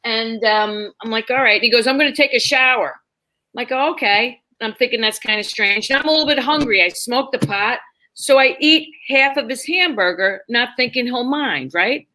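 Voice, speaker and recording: A middle-aged woman comic tells a raunchy story in easy podcast banter, slipping into the voices of the people in it. Her voice sits high and bright. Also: normal speed. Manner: bawdy, animated, acts out quoted voices. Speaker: comedian guest. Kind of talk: casual storytelling chat.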